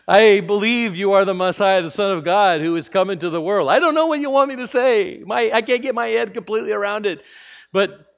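A man's voice: sits high, a little fast, creaky, dull audio, pitched above the performer's own voice. A man voicing Martha as an earnest, overwhelmed woman, speaking in a raised, flustered voice within a sermon.

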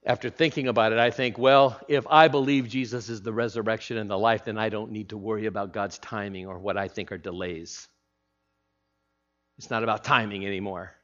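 Preacher man swinging hushed to emphatic. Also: lowish voice, fairly even intonation, a little fast. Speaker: pastor. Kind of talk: sermon. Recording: slightly dull lo-fi sound.

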